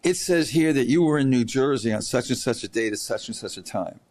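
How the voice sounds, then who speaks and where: A man mimicking an indignant, flustered woman prosecutor in a shrill, exasperated voice. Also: lively intonation, fairly quick, a little mellow, no room sound.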